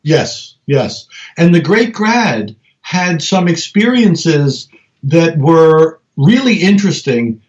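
A man researcher telling stories in a casual interview, talking in halting bursts with many restarts and acting out the voices of others. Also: on the high side, big pitch swings. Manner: halting, with frequent restarts and acted-out quotes. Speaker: researcher and guest. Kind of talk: casual conversational storytelling. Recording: dull lo-fi recording.

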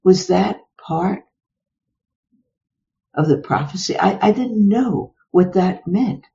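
A woman's voice: mid-range voice, slow, gravelly, dark tone. An older woman, a psychologist being interviewed, recounting personal stories with exclamations and rhetorical questions. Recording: dull lo-fi recording.

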